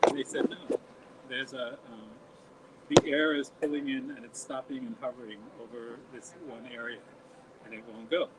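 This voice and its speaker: Soft-spoken man over noisy line. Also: mid-range voice, steady tone, moderate pace. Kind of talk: casual chat, telling a story. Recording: noisy home recording.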